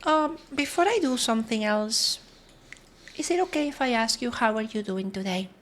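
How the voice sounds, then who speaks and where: A woman's voice: on the high side, lively intonation, normal speed, slight background noise. A woman streamer, chatting casually with her viewers and greeting them one by one. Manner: chatty, greets viewers one by one, switches between English and Spanish.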